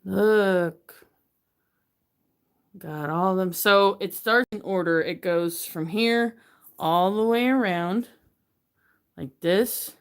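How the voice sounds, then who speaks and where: A woman's voice: medium pitch, takes it slowly, long pauses, smooth. A woman chatting casually on a livestream from her messy bedroom, rambling and getting hyper, talking into her phone. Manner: rambling, gets hyper and excitable. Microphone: phone camera.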